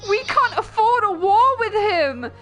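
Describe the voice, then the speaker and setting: A woman doing a loud, exasperated voice for a male royal advisor as she jokes on a live stream, with faint music behind. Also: very high voice, expressive, measured pace, pitched above the performer's own voice. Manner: loud, incredulous, ranting.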